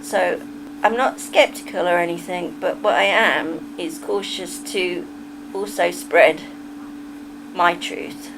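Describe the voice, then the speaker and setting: A woman's voice: fairly low pitch, slow pace, noisy background. A middle-aged woman with a Kentish English accent, chatting casually and with firm opinions to her livestream viewers. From England. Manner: chatty, opinionated, talks straight to chat.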